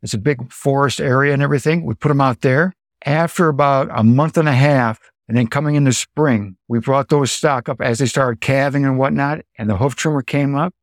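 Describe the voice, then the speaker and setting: A middle-aged American man and dairy farmer, telling farm stories in a lively way, acting out what people said and making sound effects. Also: medium pitch, dry recording, studio quality. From United States. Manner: animated storyteller, acts out quotes and sound effects. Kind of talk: anecdotal storytelling.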